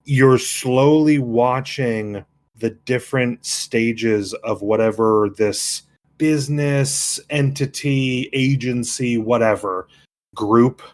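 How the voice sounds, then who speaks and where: A man's voice: mid-range voice, takes it slowly, no room sound. A young man co-hosting a casual late-night game podcast, rambling with lots of restarts and easy laughter. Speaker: podcast co-host.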